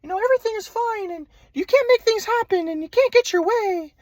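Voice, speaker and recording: A man putting on the voice of his calm, preachy, dismissive grandfather, drawn out and mocking. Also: no echo. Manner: slow, drawn-out, falsetto-high mimicking.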